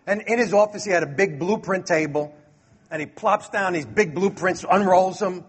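A middle-aged man from Brooklyn tells a personal story. His voice is pitched high with a husky edge. He acts out the dialogue and chuckles along the way. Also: moderate pace. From Brooklyn, New York.

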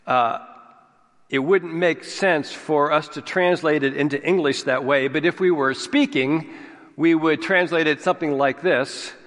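A man delivers a sermon at a very unhurried pace, leaning on single words for weight. His voice sits a little high for a man. The sound carries the long reverb of a large hall. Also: a bit bright. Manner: slow, deliberate, stresses key words. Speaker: preacher.

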